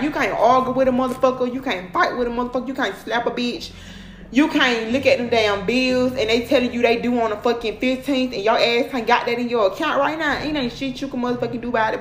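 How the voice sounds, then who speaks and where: A woman's voice: on the high side, reverberant, a little hiss or hum. A woman speaking in as the host of a livestream, giving profane motivational talk and repeating "period" and "okay".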